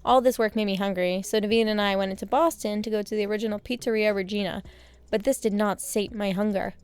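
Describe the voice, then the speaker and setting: A young woman narrating a sewing vlog in a casual voice-over, with deadpan, self-mocking jokes. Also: mid-range voice, quick pace, smooth. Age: young adult. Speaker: sewing vlogger.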